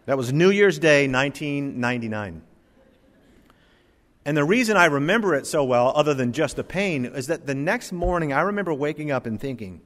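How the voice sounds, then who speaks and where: A man preaching a sermon, telling a story with dramatic slowdowns and rising emphasis. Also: fairly high pitch, expressive, a bit bright, in a large hall. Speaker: pastor.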